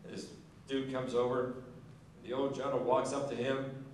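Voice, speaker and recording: A man's voice: medium pitch, flat delivery, moderate pace, a little hiss or hum. A man giving an after-dinner speech at a banquet, telling a folksy joke and acting out its characters. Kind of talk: storytelling speech. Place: large banquet hall. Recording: echoey hall from far off.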